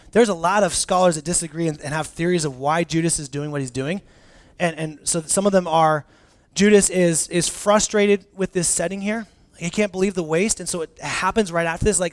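A man delivering a conversational sermon, his voice sitting a bit above the usual male range. He preaches casually and animatedly, often restarting his phrases and leaning on filler words as he talks to his congregation. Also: sits high. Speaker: pastor.

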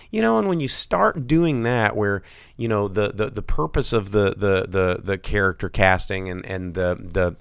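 A man co-hosting a casual movie chat, tired and with a raw throat, rambling and animated with many restarts. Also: fairly low pitch, gravelly, smooth, no room sound. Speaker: podcast co-host.

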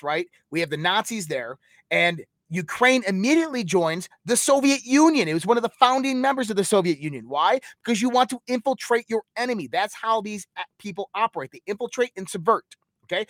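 A man's voice: high voice, fairly bright tone, dry recording. A man delivering a rambling conspiratorial monologue, emphatic and lecturing, piling up lists and throwing in rhetorical questions.

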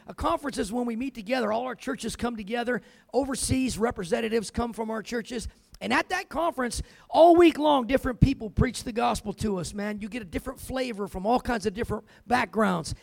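A man's voice: extremely high pitch, vocal fry, no room sound. A man preaching a sermon, telling his own story with emphasis and dropping in "amen" and "man" as he goes. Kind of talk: sermon with personal testimony.

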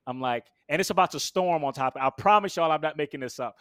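Speaking fast and smoothly, a man recounts a story as a guest in a laid-back interview. He's animated, voicing quotes with abrupt jumps in pitch and volume, and the recording is close and dry with no room sound.

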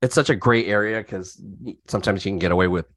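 A man's voice: lowish voice, quick pace, no echo, studio quality. A man co-hosting a podcast in casual chat, bantering with crude, profane jokes. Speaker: podcast co-host.

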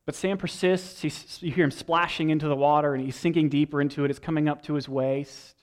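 Man, young adult, pastor, sermon, animated storytelling, slightly high pitch. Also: brisk. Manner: animated storytelling, acting out movie lines.

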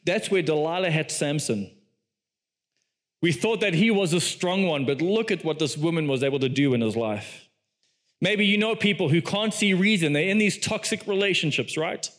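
A male preacher with a high voice tells a story in an animated sermon. He acts out quoted lines with big jumps in pitch and laughs often as he goes along. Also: normal speed. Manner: laughs often while speaking.

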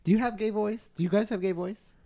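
Male podcast host, casual chat, sassy, cursing, slightly high voice. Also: steady tone, fast, creaky, a crowd in the background. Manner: sassy, swearing, gossipy.

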